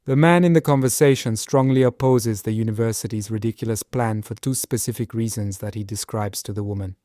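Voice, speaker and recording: A man reading sample spoken test answers aloud in a measured, deliberate way. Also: on the low side, mellow.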